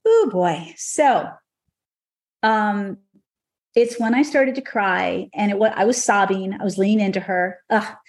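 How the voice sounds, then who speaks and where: A woman's voice: mid-range voice, unhurried. Middle-aged woman horse trainer, telling a story, gets worked up, lots of restarts. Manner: emotional, animated storytelling with restarts. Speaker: horse trainer and podcast guest. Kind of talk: personal storytelling on a podcast.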